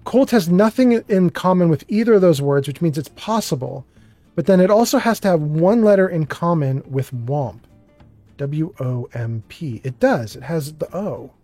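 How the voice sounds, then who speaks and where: Casual gaming streamer, mid pitch, rambling and self-mocking, music low in the mix. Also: expressive, normal speed, warm tone, no echo. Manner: rambling, self-deprecating, many fillers. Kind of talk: gameplay commentary and storytelling.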